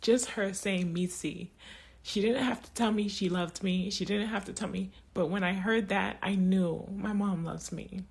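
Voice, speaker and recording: A woman speaking in an emotional, halting personal monologue, tearing up and restarting her sentences often. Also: medium pitch, steady tone, vocal fry. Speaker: spiritual vlogger.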